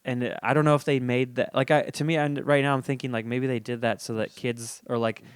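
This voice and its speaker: Rambling, hesitant male host, mid-pitched, dry close recording. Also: little pitch movement, fairly quick, smooth, dry recording. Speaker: podcast host. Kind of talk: casual podcast chat.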